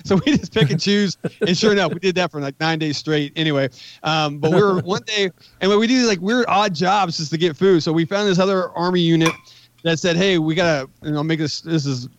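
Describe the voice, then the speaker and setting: A man's voice: on the high side, a little fast, no room sound, highs cut off. A man in his forties, a podcast guest, telling a rambling, profane war story in casual talk. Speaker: podcast guest, magazine editor.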